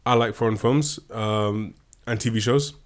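A man's voice: fairly low pitch, unhurried. A man co-hosting a podcast in casual chat, playful and rambling, often restarting his sentences. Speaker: podcast co-host.

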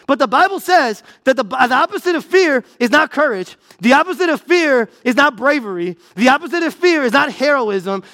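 High-voiced man preaching with emphasis. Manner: emphatic preaching with repetition, swinging from loud to low. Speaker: pastor. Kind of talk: sermon.

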